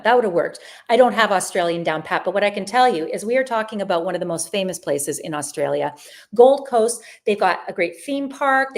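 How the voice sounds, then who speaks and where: A woman hosting a live online travel sale, chatting in an upbeat, rambling way as she presents deals and answers viewer questions. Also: medium pitch. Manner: chatty and upbeat, with frequent restarts. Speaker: livestream sale host. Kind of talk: live shopping stream presenting.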